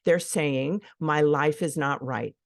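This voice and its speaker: A woman's voice: deep voice, slow, vocal fry, no room sound, studio quality. A middle-aged woman hosting a solo podcast, speaking frankly and swearing casually. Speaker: podcast host.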